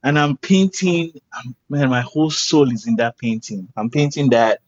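On a dull lo-fi recording with no echo, a man who is a guest artist tells a casual story in a mid-range voice at a moderate pace. He's animated, performing the voices of the people he quotes.

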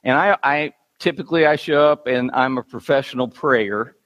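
A middle-aged man preaching a sermon as a pastor, telling a self-deprecating running story in an animated, storytelling way. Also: medium pitch, moderate pace. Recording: long hall reverb.

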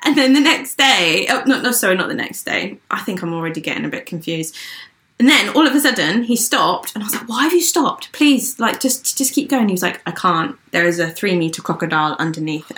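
A young English woman telling a story in casual chat, animated, laughing often and acting out what people said. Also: lowish voice, fast talker. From England. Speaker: podcast guest.

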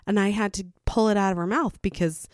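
Recorded cleanly in a studio with no echo, a middle-aged woman talks fairly quickly at medium pitch, sharing her experience as a parent with viewers. Candid and lively, she laughs between points and mimics people's words in raised voices.

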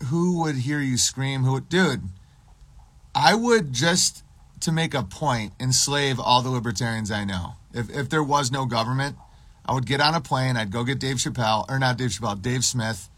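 A man streaming, ranting in a profane, sarcastic way with deadpan absurd riffs. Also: medium pitch, dry recording.

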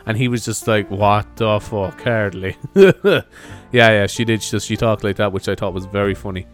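A man's voice: lowish voice, normal speed, soft background music. A young man with an Irish accent hosting his own podcast in a casual, rambling monologue, swearing and laughing at his own jokes. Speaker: podcast host.

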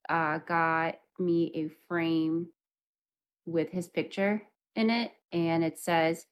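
A woman's voice: deep voice, fairly even intonation, slow, a little hiss or hum. A woman co-hosting a podcast, chatting casually and reading the show's sign-off. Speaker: podcast co-host. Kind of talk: casual chat.

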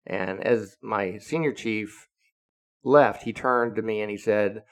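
Gravelly older man telling a profane navy story. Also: lowish voice, takes it slowly. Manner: profane, acts out quoted dialogue. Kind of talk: casual storytelling.

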